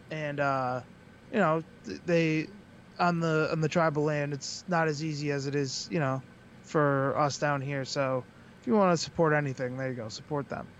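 A man's voice: a little high, highs cut off, slight background noise. Joking young man from Western Massachusetts. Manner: joking, animated, mocking impressions. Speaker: podcast guest, wrestler. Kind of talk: casual chat.

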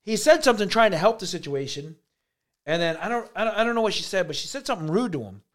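A man with a slightly high voice, co-hosting a casual podcast. He tells his story in an animated, profane way, full of "like" and quoted yelling. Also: fast. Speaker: podcast co-host.

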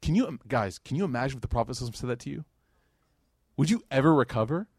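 A man giving a religious lecture to a live audience, telling stories in a lively, casual way with plenty of slang and fillers. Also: mid-range voice, very fast, slightly rough, dry recording, studio quality. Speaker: Islamic lecturer.

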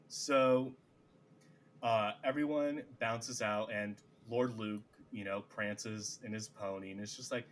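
Animated man retelling scenes in casual chat. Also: mid-range voice, a little slow, a little hiss or hum. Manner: animated, acts out characters' lines. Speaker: podcast co-host.

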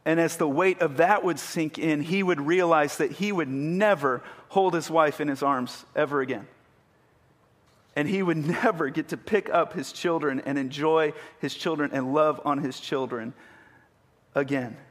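A man's voice: a little high, a little slow. A man preaching a sermon, retelling a story vividly and building to emphatic peaks. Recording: long hall reverb.

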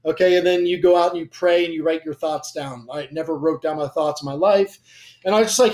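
Man, young adult, slightly high voice, emotional personal testimony, rambling, lots of fillers. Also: fast, a little mellow. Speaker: guest. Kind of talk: personal testimony in casual conversation.

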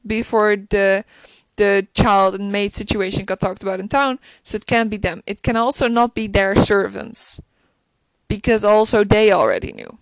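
A woman's voice: medium pitch, smooth, no echo. A woman chatting casually and gushingly about a TV episode, full of restarts. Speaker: show reviewer.

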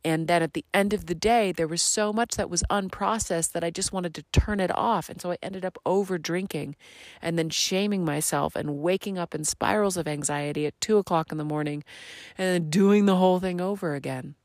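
Recorded without echo, a woman with a fairly low voice reflects on purpose in a solo podcast she hosts. Her manner is slow, earnest and spiritual, and some phrases slip into a whisper.

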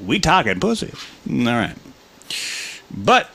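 A man co-hosting a live podcast with a bright, forceful voice. His pitch swings widely as he jokes, laughs and swears through loose banter. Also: sing-song, normal speed. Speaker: podcast co-host.

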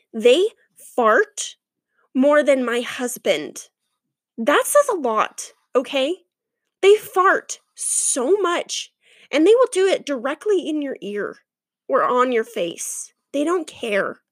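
A young adult woman hosting a podcast, chatting and ranting in a lively, animated way. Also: a little high, no echo. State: out of breath. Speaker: podcast host. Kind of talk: casual chat.

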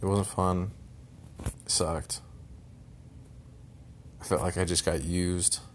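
A young man venting in a personal vlog, frustrated and bitter, swearing constantly and sometimes trailing off into low mutters. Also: level tone, slow pace, a little hiss or hum.

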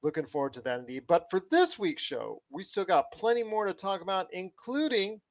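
Animated, enthusiastic podcast host. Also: male voice, brisk. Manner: animated, big pitch swings, enthusiastic. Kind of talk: casual pop-culture podcast chat.

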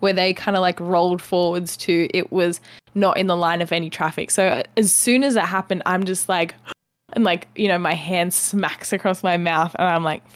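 A woman's voice: fairly low pitch, fairly even intonation, moderate pace, no room sound. A young woman co-hosting a casual podcast, chatty, telling a story and acting out her own reactions, often laughing. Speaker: podcast co-host. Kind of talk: casual chat.

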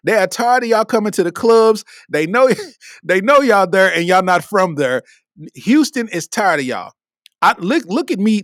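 A man's voice: high-pitched, very animated, moderate pace, a bit bright, no echo, clean studio sound. A man from Kentucky, hosting a podcast solo and delivering a comedic rant with lots of laughter and preachy emphasis. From Lexington, Kentucky. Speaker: podcast host.

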